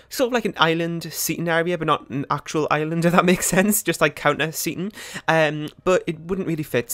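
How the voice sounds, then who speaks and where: A man's voice: fairly high pitch, a bit bright. A young British man chatting casually over a game speed build, rambling with lots of ums and likes. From United Kingdom. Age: young adult. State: out of breath. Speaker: gaming YouTuber.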